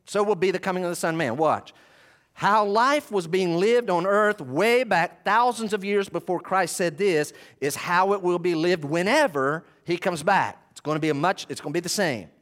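A man's voice: high-pitched, animated, moderate pace, a bit bright. A man preaching a sermon, teaching through a Bible passage verse by verse and repeating key phrases for emphasis. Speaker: pastor.

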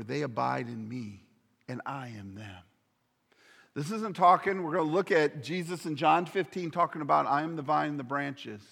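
An earnest male pastor delivers a sermon in a slightly higher-pitched voice. He sometimes sinks to a near whisper on key words. The sound carries a long hall reverb. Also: creaky, a bit bright.

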